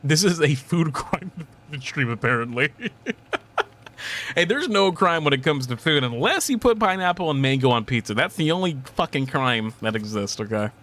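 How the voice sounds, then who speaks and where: A young man streamer in casual chat, rambling and animated, swearing casually and laughing often. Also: medium pitch.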